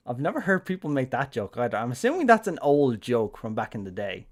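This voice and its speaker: A man's voice: medium pitch, very animated, brisk, few pauses. An Irish man giving casual live-stream commentary on a game, rambling with lots of fillers and self-corrections. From Ireland.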